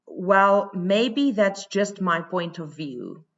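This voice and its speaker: A woman's voice: fairly low pitch, drawn-out words, few pauses, a bit bright, muffled recording. A South African woman teaching a poetry lesson, explaining each point step by step in a chatty, informal way.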